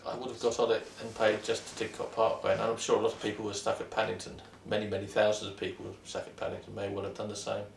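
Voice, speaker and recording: A man's voice: fairly low pitch, completely flat delivery, quick pace, creaky, hardly any pauses, slight background noise. A man co-hosting, telling a story about a train journey in a plain, matter-of-fact way. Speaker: co-host. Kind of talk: casual anecdote telling. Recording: roomy echo, distant mic.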